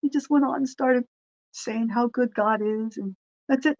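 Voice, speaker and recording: A woman's voice: on the high side, a little slow, warm tone, lo-fi sound. A woman pastor and podcast host giving an informal devotional talk, rambling and earnest, with frequent restarts and fillers.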